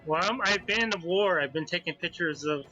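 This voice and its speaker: A man playing a tabletop game, talking casually and haltingly with many restarts. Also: high voice, pushed and bright, highs cut off, faint music behind. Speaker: player.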